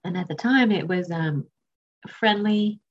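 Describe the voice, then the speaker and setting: A woman's voice: fairly low pitch, unhurried, dull audio, a little hiss or hum. A woman giving a candid, emotional recovery testimony at a meeting, often self-mocking.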